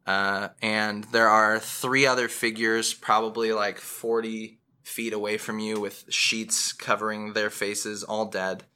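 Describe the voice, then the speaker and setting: Bright-voiced man as a rambling game master. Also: lowish voice, little pitch movement, takes it slowly, hardly any pauses, clean tone. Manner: rambling, with many fillers and self-corrections. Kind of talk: narrating a tabletop game.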